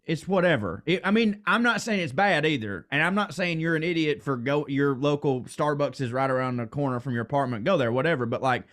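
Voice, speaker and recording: Man, podcast co-host, slightly raised pitch, loose profane banter, laughs easily, a little high. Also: brisk, few pauses. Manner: rambling, profane, laughs often, gets excitable.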